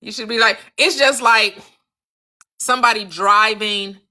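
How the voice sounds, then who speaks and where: With a fairly high, pushed, bright voice and a slightly slow pace, this manifestation coach chats animatedly on her live-stream. She names individual viewers, repeats her questions to stress them, and acts out brief quoted scenes as she teaches.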